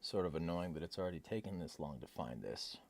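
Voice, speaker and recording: A man's voice: sits low, lively intonation, a little fast, a little mellow. Wry man chatting on a livestream. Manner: rambling, wry, reacts to chat comments. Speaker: livestream host reading chat. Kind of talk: casual livestream chat.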